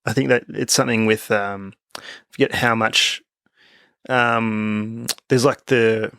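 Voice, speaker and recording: A man's voice: lowish voice, fairly even intonation, creaky, pushed and bright, clean tone, no room sound, clean studio sound. A man, co-hosting a podcast, rambling through his questions in casual banter. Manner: rambling, restarts, quick agreement. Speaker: podcast co-host.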